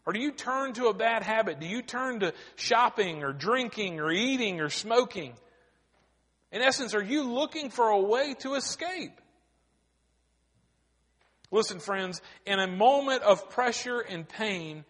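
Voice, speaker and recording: A man preaches a sermon in a fairly high voice. He leans on dramatic pauses and rises into emphatic cries to his congregation. His words ring out with a long reverb that fills the church sanctuary. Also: lively intonation, a bit bright. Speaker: pastor.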